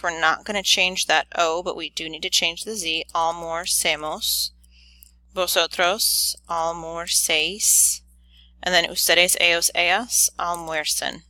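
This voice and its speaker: Woman teacher, low-ish voice, unhurried methodical delivery, dry close sound. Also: no echo. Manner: methodical, steady step-by-step explaining; corrects own slips quickly. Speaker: Spanish teacher. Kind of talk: recorded grammar lesson.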